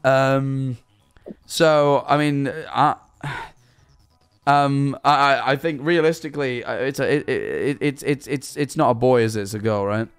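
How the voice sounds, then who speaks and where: A young man from England chats loosely while taking viewer calls, repeating himself and stumbling through sentences. His voice sits at an ordinary pitch, with faint music running in the background. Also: a little slow, clear, resonant tone. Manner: rambling, stammers and repeats words, swears casually. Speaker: streamer answering viewer calls. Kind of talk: casual live-stream chat.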